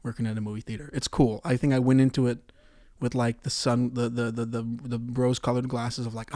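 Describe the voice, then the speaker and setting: A man hosting a comedy podcast, delivering a profane ranting monologue that swings between loud outbursts and muttered asides. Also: medium pitch, little pitch movement, a little fast, no echo, studio quality.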